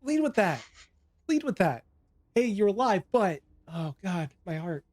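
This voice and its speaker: A man's voice: fairly high pitch, animated, slow pace, a little mellow, dry recording, studio quality, pitched above the performer's own voice. A man voicing a flustered young female halfling who fires off panicky questions. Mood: panicked.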